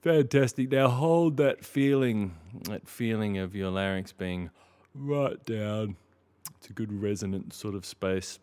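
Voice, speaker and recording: A man leading a singing lesson as a vocal coach, in a relaxed, encouraging way, showing how to sing scales with a yawny sound. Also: lowish voice, unhurried, smooth. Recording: piano accompaniment loud behind the voice.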